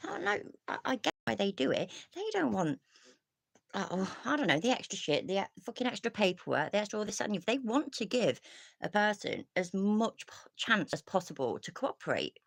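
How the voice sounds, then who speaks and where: A woman's voice: medium pitch, big pitch swings, a little fast, creaky, dry recording. Woman streamer, rambling rant, dry close sound, restarts and sighs, plenty of swearing. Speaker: commentary streamer. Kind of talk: casual ranting commentary.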